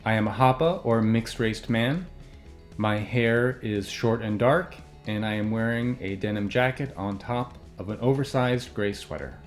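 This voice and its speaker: A man from a poetry organization giving a calm, measured, formal introduction of a poet. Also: fairly low pitch, faint music behind. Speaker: event host introducing a poet. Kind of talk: scripted introduction.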